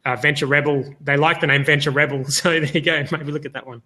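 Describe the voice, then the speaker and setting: A man's voice: on the high side, flat delivery, quick pace, sharp tone. A man hosting a live online review session. He talks hesitantly and restarts often. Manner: hesitant, with many restarts and laughs. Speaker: host.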